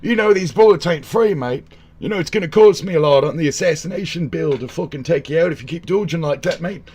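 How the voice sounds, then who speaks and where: A man's voice: on the high side, fast, darkish tone, husky, pitched above the performer's own voice. A man voicing a bumbling, polite alien assassin who apologetically asks his target to hold still. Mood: fussy. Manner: apologetic, fussy, keeps saying mate.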